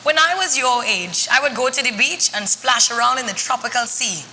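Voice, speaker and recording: A woman playing a lively granny. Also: on the high side, a little fast, in a large hall, slight background noise, voice pushed up. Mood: fond. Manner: lively, coaxing, animated. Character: warm lively Trinidadian grandmother.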